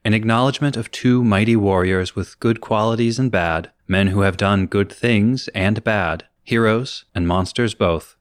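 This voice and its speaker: A man's voice: on the low side, moderate pace, few pauses, no room sound, clean studio sound. A man co-hosting a podcast, presenting a prepared segment with wry, self-deprecating asides. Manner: wry, self-deprecating, scripted-sounding delivery. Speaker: podcast co-host. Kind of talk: casual chat and prepared segment.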